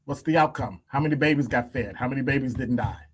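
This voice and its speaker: A man's voice: medium pitch, fast, husky. A male radio host giving blunt opinion commentary, emphatic and wry, stacking up rhetorical questions. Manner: blunt, wry asides and chuckles.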